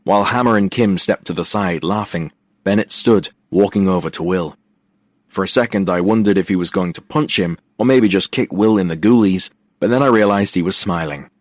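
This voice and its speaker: A man narrating a romance audiobook in the first person, wry and expressive, on a close studio mic. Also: low voice, fairly quick, no echo.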